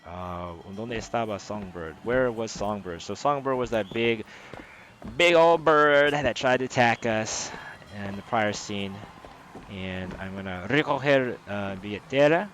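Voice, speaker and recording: An American man translating game dialogue as he plays, in casual commentary, halting and often correcting himself. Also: lowish voice, slight background noise. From United States. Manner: halting, self-correcting, full of fillers. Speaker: gameplay host translating dialogue.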